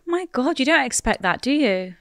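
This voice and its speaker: A woman co-host in casual advice chat, reacting with quick sympathetic interjections between longer thoughts. Her voice is a little high. It is recorded close and dry. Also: animated, a bit bright, no room sound. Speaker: podcast co-host.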